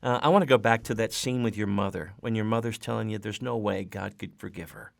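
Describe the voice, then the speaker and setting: A man hosting a radio interview, asking measured, prompting questions. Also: lowish voice, creaky, no room sound, clean studio sound. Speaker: radio host.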